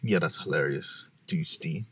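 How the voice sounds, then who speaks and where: Husky-voiced man in easy chat. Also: extremely low pitch, measured pace. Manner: animated, plays out voices of people he quotes. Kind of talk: casual chat.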